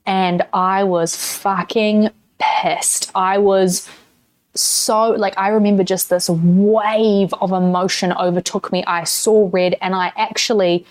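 A woman's voice: mid-range voice, level tone, takes it slowly, no echo. A woman with a New Zealand accent hosting a solo podcast, telling a personal story candidly in casual talk and swearing freely. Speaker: podcast host.

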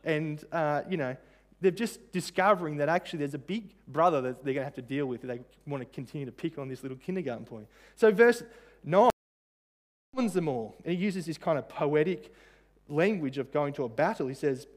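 A man's voice: fairly high pitch, moderate pace. A man preaching a sermon in a conversational way, with frequent fillers and rhetorical questions. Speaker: pastor.

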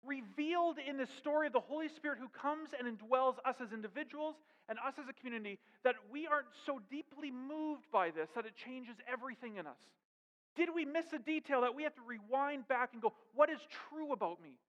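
A man's voice: very high-pitched, a little fast, fairly bright tone. A man preaching a sermon as pastor, with emphatic rhetorical questions. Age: adult with young daughters. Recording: dull sound with long hall reverb.

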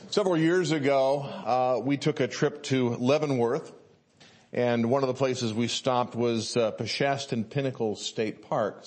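A male pastor, preaching a sermon and telling a story with many fillers and restarts. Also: lowish voice.

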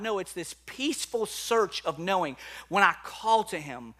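A man delivering a sermon in a high, ringing voice. He tells stories with lively energy and acts out his own moments of panic in quick outbursts, then settles back into preaching. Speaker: pastor.

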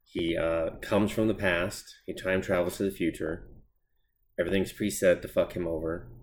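A man's voice: low-pitched, fairly even intonation, moderate pace, a little hiss or hum. A man hosting a podcast, casually reviewing comic books in a blunt, sarcastic, sweary way. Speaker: podcast host. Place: home desk.

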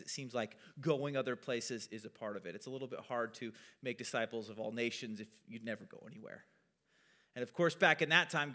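A man's voice: mid-range voice, pushed and bright. A male pastor giving a casual teaching sermon in a conversational way, with self-deprecating asides.

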